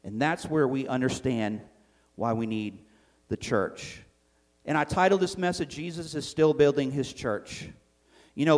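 Higher-voiced male pastor preaching. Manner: conversational preaching, acts out quotes with shifting volume. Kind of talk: sermon.

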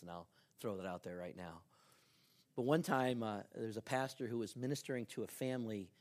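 Man, pastor, sermon, lively storytelling, quiet heartfelt appeals, mid pitch. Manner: animated storytelling, dropping to soft earnest appeals.

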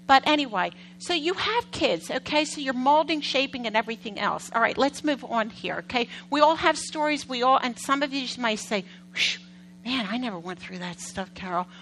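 A middle-aged woman preaching a sermon in a conversational style, telling animated stories, acting out quotes and putting questions to the congregation. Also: sits high, moderate pace, a little hiss or hum, low-quality recording. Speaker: pastor.

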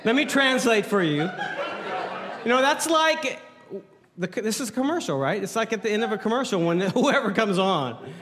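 A man's voice: high-pitched, lively intonation, moderate pace, background noise. A man preaching a sermon as pastor, playful and joking with the congregation, speaking into a handheld mic. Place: church hall. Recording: hall reverb.

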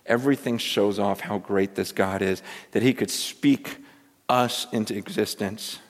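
A male pastor preaching a sermon, swinging between loud emphasis and hushed asides and repeating words as he builds his points. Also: fairly low pitch, a little slow. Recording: long reverb from a large hall.

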